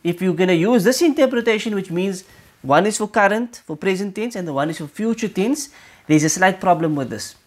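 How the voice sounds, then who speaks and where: An expressive male teacher with a high voice explains religious material in a lesson on Quranic interpretation. He often pauses to check in with the listener, and short Arabic verses come quickly between his points.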